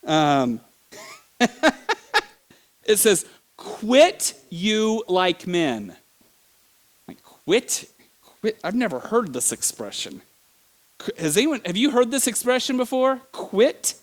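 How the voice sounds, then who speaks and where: A middle-aged man preaching in a church, telling stories with animated bursts, sudden shouts and laughter. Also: high voice, takes it slowly, pauses often. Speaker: pastor. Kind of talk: sermon.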